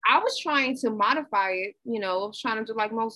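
Lady w a high voice doing a pep talk, chatty and lively, repeats stuff for emphasis. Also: a little fast, rough recording. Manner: conversational, animated, repetitive. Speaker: motivational speaker. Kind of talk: inspirational talk.

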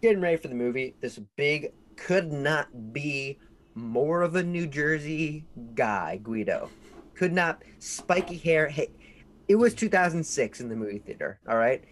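A man's voice: a little high, a little slow, a little hiss or hum. A young man co-hosting a podcast, telling a story in casual chat and acting out the people in it. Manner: animated storyteller, shouts out quoted voices. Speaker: podcast co-host.

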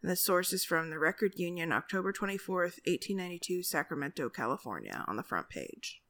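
Young woman co-host, low-ish, bright tone, animated and playful. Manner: expressive, playful, quick to laugh. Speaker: podcast co-host. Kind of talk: casual chat, reading an old newspaper story aloud.

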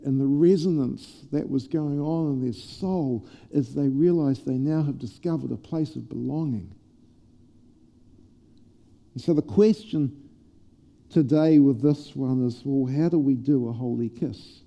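A man preaching a sermon to a congregation, playful and lively at first and then quiet and prayerful. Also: mid-range voice, unhurried, gravelly, in a large hall. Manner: animated, humorous preaching that turns soft and prayerful. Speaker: pastor. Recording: dull lo-fi church sermon recording.

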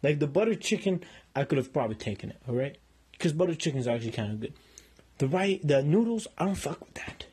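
A man's voice: fairly high pitch, big pitch swings, fast, mellow, breathy edge. A man hosting a podcast in a comedy skit, exasperated and profane as he pleads his innocence. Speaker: podcast host.

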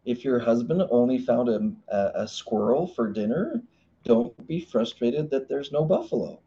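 A man leading a live marriage workshop, animated and playful, acting out the voices he quotes. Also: medium pitch, moderate pace, creaky, highs cut off.

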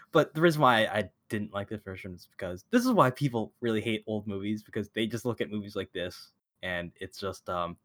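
A slightly low-voiced man co-hosting a casual podcast, speaking over a remote call mic. He is blunt and critical, and he laughs often as he talks. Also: fairly bright tone. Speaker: podcast co-host.

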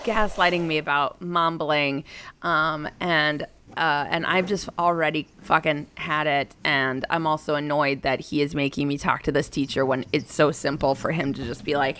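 A woman's voice: on the low side, a bit bright, a little hiss or hum. A woman in her thirties casually telling a personal story, rambling and profane, with an exasperated tone.

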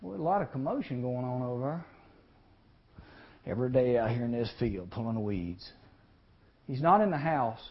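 A man preaching to a teen group, telling a Bible story and acting out its voices with lively energy. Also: mid-range voice, normal speed, pauses often. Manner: animated, acts out voices in the story. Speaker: youth speaker. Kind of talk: storytelling sermon. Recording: lo-fi recording.

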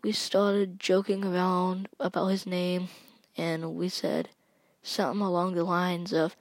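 A woman narrating a spooky first-person story, slow and halting, sometimes dropping to a whisper. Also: lowish voice, little pitch movement, dry recording.

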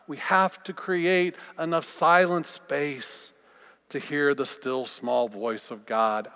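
Man preaching with wide loud-to-whisper swings. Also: mid-range voice. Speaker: pastor. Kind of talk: sermon. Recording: long reverb of a large hall.

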